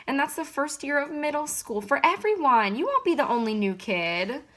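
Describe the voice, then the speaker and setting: A woman reading a storybook aloud, voicing a gentle mother who softly coaxes her son. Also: high-pitched, big pitch swings, normal speed, pitched above the performer's own voice. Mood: coaxing.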